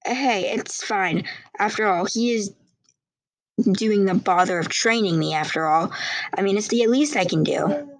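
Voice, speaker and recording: A woman's voice: mid-range voice, expressive, a little slow, no room sound, low-quality recording. A woman voicing a shy, stuttering teenage girl in a fan story read aloud. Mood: reassuring. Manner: stammering, hesitant.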